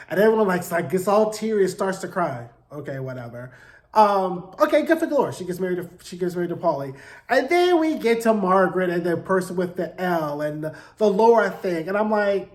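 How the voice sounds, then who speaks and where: A man's voice: high voice, normal speed. Sassy, profane man recapping TV. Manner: sassy, animated, profane, lots of "like" and "right?". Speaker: TV recap host. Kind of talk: casual review commentary.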